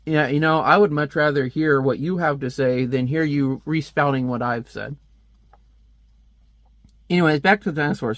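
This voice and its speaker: A man's voice: fairly high pitch, normal speed, a bit bright, no room sound, studio quality. A man giving casual, joking commentary while reviewing a comic book page by page. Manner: chatty, joking asides.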